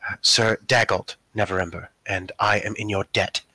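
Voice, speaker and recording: A man's voice: fairly low pitch, steady tone, normal speed, bright, forceful tone, dry recording, pitched below the performer's own voice, heavily acted. A man playing a courtly young nobleman. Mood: grateful. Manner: formal, polite courtly speech.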